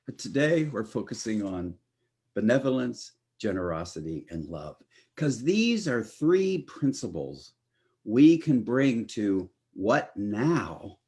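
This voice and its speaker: Unhurried man preaching a lively sermon. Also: fairly low pitch. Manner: expressive, rising and falling delivery with drawn-out emphasis. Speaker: minister.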